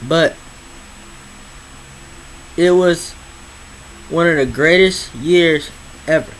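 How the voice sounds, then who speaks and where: A man's voice: on the high side, slight background noise, poor audio. A teenage boy vlogging casually, rambling and repeating himself with slang. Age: teens. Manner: rambling, slangy, repeats words, drawls some phrases slowly. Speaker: YouTuber. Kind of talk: casual vlog monologue.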